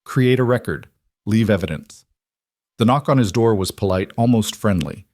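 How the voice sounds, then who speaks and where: Man reading a suspense story, low voice, dry close sound. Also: animated, a little mellow, no echo. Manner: measured, suspenseful telling. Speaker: narrator. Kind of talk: scripted story narration.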